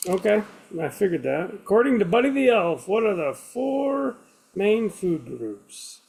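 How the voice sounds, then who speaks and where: On a casual group video call, a man teases his sister and laughs easily. He talks slowly in a high, lively, gravelly voice that swoops around. He comes through a video-call mic. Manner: joking, teasing, laughing. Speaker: producer.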